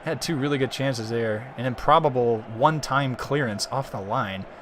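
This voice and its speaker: A man doing live play-by-play commentary on a video game football match, getting excited and shouting on close chances. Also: mid-range voice, normal speed, noisy background. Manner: excitable, rises to shouting on near goals.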